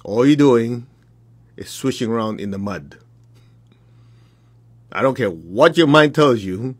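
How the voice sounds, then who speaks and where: A man's voice: mid-range voice, animated, normal speed, pauses often, slightly rough, no echo. A man teaching his followers in a blunt, direct way, with short laughs between points. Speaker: spiritual teacher.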